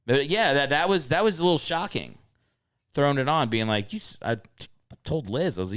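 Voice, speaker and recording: A man with a smooth, resonant voice hosts a casual comedic podcast chat. He rambles and gets animated, jumping into squeaky high voices to act out stories. The sound is dry and close to the mic. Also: brisk, no room sound. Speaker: podcast host.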